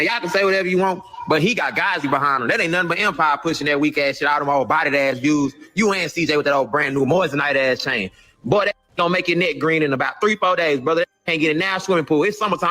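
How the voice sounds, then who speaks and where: Guy about 30 going off on a taunting rant, high voice, talks real fast. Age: around 30. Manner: aggressive, taunting, shouts and half-sings at times. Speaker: rapper in a clip. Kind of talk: trash-talking rant.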